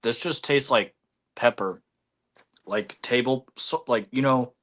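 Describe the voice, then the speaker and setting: A man's voice: mid-range voice, slow pace, fairly bright tone. A man hosting a casual livestream, rambling with many fillers and eating while he talks. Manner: chewing food while talking. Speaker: livestream host.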